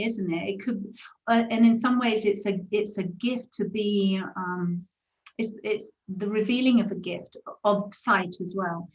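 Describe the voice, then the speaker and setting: A woman in her forties with a Brighton English accent, hosting a casual interview and speaking in a gushing, affectionate, spiritual way. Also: mid-range voice, reverberant. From England. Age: 40s. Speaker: host.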